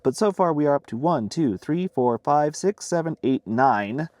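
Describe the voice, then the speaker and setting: A man's voice: fairly high pitch, animated, normal speed, a little mellow, no room sound, clean studio sound. A man running a busy outdoor ham radio activation, talking casually and a bit flustered while juggling his gear, at one point with a pen in his mouth. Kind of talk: casual vlog narration while operating. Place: outdoors at a mountain pass.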